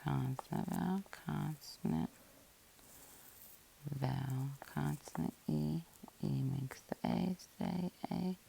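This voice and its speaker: A woman's voice: low-pitched, slow pace, gravelly, mellow, a little hiss or hum. A woman teacher giving a patient, methodical phonics lesson, breaking words into syllables and spelling them out letter by letter.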